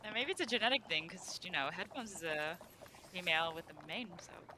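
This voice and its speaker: Bright-toned joking player, faint background noise. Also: medium pitch, a little fast. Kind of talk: tabletop game play.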